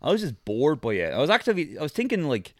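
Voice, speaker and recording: A man's voice: fairly high pitch, huge pitch swings, quick pace, no room sound, studio quality. A man co-hosting a podcast, reviewing a film in a casual chat with a rambling, jokey delivery full of fillers. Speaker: podcast co-host.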